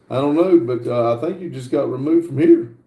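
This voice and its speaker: A middle-aged man with an American accent hosting a livestream, casually reading out viewer comments and answering them, often pausing with "uh". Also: medium pitch, animated, dark tone. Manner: halting, fills pauses with frequent "uh". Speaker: livestream host. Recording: roomy echo.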